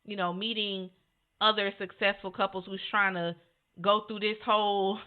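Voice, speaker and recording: Female co-host, earnest and animated, mid-pitched voice, thin narrow audio. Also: moderate pace, smooth. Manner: earnest, animated, says "you know" often. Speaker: podcast co-host. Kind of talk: casual conversation. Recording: phone-like narrow sound.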